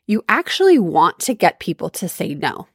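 A woman's voice: fairly low pitch, sing-song, moderate pace, husky, no echo, clean studio sound. A woman hosting a solo podcast, giving upbeat, emphatic coaching advice on sales calls. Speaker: podcast host.

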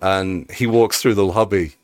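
A man in his forties talks as a guest on a chat show. His voice sits on the low side and he chats easily. The recording is close and dry. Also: fairly even intonation, unhurried, no echo. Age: 40s. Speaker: guest musician. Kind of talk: casual chat.

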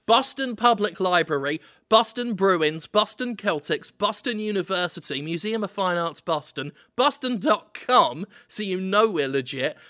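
A man's voice: sits high, lively intonation, a little slow, few pauses, sharp tone. A man hosting a comedy podcast, bantering in a playful, profane, mock-grandiose way. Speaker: podcast host.

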